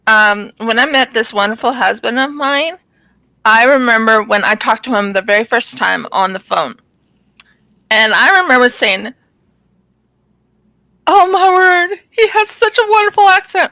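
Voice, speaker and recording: A woman's voice: on the high side, pushed and bright, no echo, low-quality recording. A woman hosting a craft channel, chatting casually while she works on a painting, rambling a little with ums and restarts.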